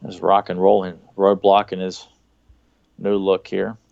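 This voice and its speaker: A man with a Southern US accent chatting casually as a podcast co-host, excited and rambling, with lots of fillers and restarts. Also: low-pitched, unhurried, gravelly, no echo, muffled recording. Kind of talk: casual chat, watching a cartoon.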